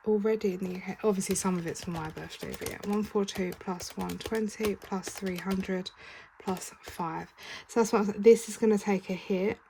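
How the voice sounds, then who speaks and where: A British woman chats her way through a casual home vlog, counting notes aloud and cheerfully correcting her sums. Her voice sits in a middle pitch. Clicks and background noise are clearly heard under the recording. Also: a little mellow, rough recording. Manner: chatty, counts money aloud, corrects herself. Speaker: budgeting vlogger. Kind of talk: casual chatty vlog narration.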